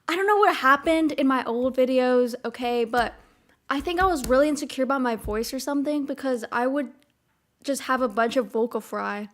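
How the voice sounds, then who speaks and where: A woman's voice: sits high, normal speed. A young woman streaming and chatting casually with viewers, bubbly and rambling, often giggling. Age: young adult. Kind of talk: casual chat.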